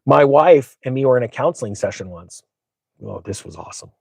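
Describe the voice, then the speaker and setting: A middle-aged man who hosts a finance channel, talking in a mid-range voice with a dry, close sound. He tells casual, rambling stories in an excitable, boastful way and uses lots of fillers. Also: mid-range voice, brisk, gravelly, husky, no echo. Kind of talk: casual storytelling monologue.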